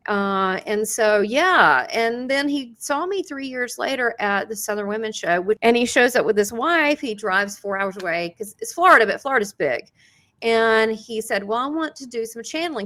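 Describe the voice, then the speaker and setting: A woman with a mid-pitched voice tells a story in an interview. She talks in a lively, animated way. She acts out the quoted dialogue and laughs often. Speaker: psychic medium and show host.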